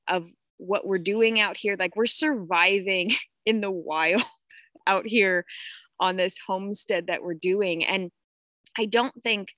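A woman's voice: mid-range voice, fairly bright tone, no room sound. Candid swearing woman, dry close sound. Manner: candid, swears freely, greets viewers. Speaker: podcast host. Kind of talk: casual spiritual live talk.

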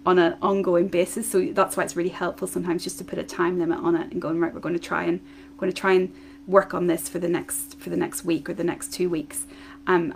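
A woman's voice: lowish voice, gravelly, slight background noise. A woman hosting her own parenting podcast, talking alone in a chatty way with many fillers and restarts. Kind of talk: solo podcast talk.

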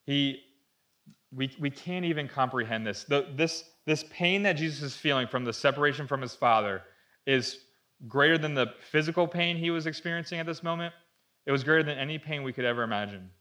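A man's voice: a little high, a little fast, sharp tone. A man preaching a sermon to a room, earnest and conversational, asking rhetorical questions as he explains. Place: room with an audience.

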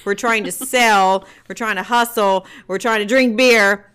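Excitable woman co-host. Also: medium pitch, a little slow, clear, resonant tone. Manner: animated, excitable. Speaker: podcast co-host. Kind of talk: casual chat.

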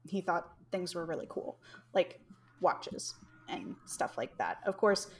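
Slow, low-voiced woman telling history. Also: animated, slight background noise. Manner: rambling, laughs often, swears casually. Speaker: podcast host telling history. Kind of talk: casual chat.

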